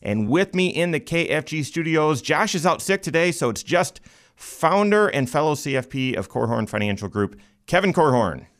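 A man hosting a finance talk show, a financial planner who talks in a lively, joking way with animated emphasis. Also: a little high, normal speed.

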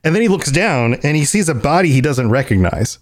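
A man's voice: on the high side, fairly quick. A man in casual chat, telling a game story with lots of restarts and acting out the characters' lines. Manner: animated storyteller who acts out quoted lines.

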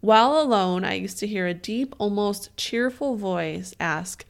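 A woman's voice: medium pitch, measured pace, vocal fry, clear, resonant tone. A woman co-hosting a casual podcast, reading listener mail aloud with playful, giggly asides. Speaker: podcast co-host.

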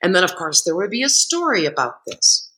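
A woman with a bright, clear voice tells anecdotes in relaxed conversation. She laughs often and keeps her storytelling lively. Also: on the low side, fairly quick, rough recording. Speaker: co-author guest.

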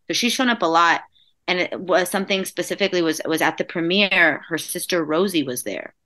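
Low-voiced woman telling heartfelt stories. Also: a little fast. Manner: animated, voices other people in her stories. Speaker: actress guest. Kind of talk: emotional storytelling in an interview.

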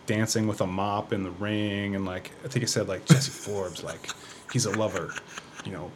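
A man's voice: on the low side, fairly even intonation, normal speed, slight background noise. A man, a former fighter, telling a story as a podcast guest in a loose, rambling way with lots of fillers and restarts. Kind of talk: casual storytelling chat.

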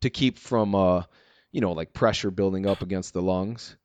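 A low-voiced man spins a wild story in a relaxed chat, chuckling often and sprinkling in "dude" and "like". The sound is close and dry with no room around it. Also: moderate pace, clear, resonant tone, no echo, lo-fi sound. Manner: animated storyteller, laughs often, says "dude" and "like". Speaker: guest telling a story. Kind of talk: casual chat.

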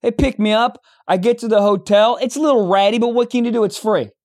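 A young man co-hosting a podcast, telling a story in casual chat, animated and profane, acting out the dialogue. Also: sits high, quick pace. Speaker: podcast co-host.

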